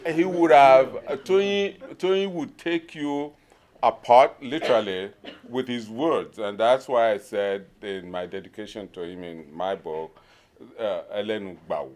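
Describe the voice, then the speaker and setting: A man from Nigeria giving an informal conference talk, pausing often to search for words, with a humorous touch. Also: on the low side, darkish tone. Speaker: conference speaker.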